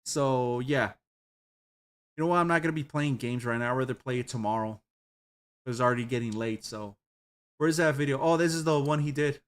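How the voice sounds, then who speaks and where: A man's voice: medium pitch, brisk, long pauses, smooth. A man streaming as he browses videos, rambling, swearing loosely and giggling often at what he sees. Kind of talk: casual commentary while browsing videos.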